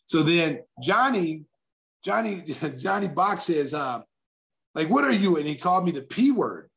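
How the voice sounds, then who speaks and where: Animated storytelling man from Oklahoma. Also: on the high side, a little slow, creaky. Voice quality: animated storyteller who acts out quotes. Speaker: guest, former basketball player. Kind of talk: casual anecdote telling.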